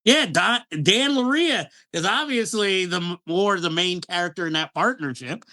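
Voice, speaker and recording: A man co-hosting a podcast, chatting casually about a movie, animated, laughing often and restarting his sentences. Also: high voice, moderate pace. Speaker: podcast co-host. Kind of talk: casual film review chat.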